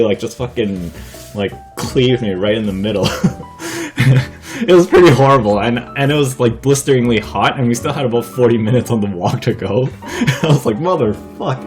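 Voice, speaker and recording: A young man hosting a casual vlog, telling a story with frequent laughter, swearing and lots of fillers. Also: on the low side. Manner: laughs often while talking, swears freely; rambling, filler-heavy delivery. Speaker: vlogger.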